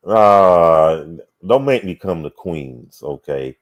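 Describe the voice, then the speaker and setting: A man's voice: deep voice, lively intonation, slow pace. A man hosting a casual talk show, reading viewer comments aloud and musing on them with hums and sighs. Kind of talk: casual livestream chat.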